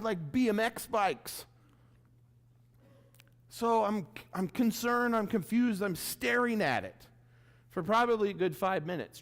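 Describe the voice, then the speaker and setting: A man's voice: sits high, in a large hall. A man giving a keynote speech, telling a self-mocking story and acting out his own reactions, in a large room before an audience. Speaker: keynote speaker.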